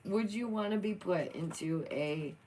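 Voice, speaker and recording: A young woman chats playfully through the news, her voice sitting on the low side. Faint noise hums behind her. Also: unhurried, darkish tone, low-quality recording. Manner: playful, chatty, talks to her cat between reading. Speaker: vlogger. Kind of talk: casual chat reacting to news.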